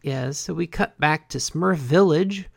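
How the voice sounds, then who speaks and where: Wolno mówiący mężczyzna, chrapliwy głos. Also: male voice, a little high, unhurried, creaky, slightly rough. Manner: laid-back, swears, acts out quotes. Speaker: podcast co-host. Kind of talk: casual recap chat.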